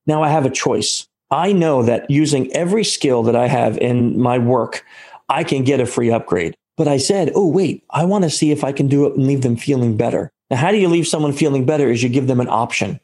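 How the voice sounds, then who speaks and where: A man's voice: mid-range voice, fairly quick. A man being interviewed as an author, telling stories and acting out the quoted lines of the people in them. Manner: animated storyteller who acts out quoted dialogue. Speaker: guest author. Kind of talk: storytelling in a podcast interview.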